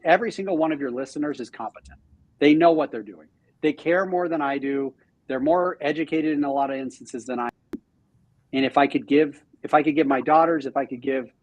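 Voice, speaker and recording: A man talking as a podcast guest in a casual interview, animated and self-deprecating, often restarting his sentences. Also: medium pitch, slightly rough. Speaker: real estate team leader, podcast guest.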